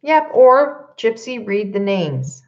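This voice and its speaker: In a mid-range, sing-song voice at a slow pace, a woman healer conducts a live card reading and advises viewers in a conversational style. She often asks "okay?" and lets out light laughs between points. The sound is lo-fi.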